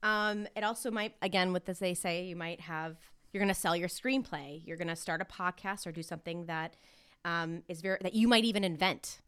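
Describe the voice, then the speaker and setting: A young adult woman co-hosting a casual chat, talking in a relaxed, rambling way. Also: lowish voice, fairly quick, clean tone, no room sound. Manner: relaxed, rambling, with fillers and restarts. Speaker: podcast co-host reading horoscopes.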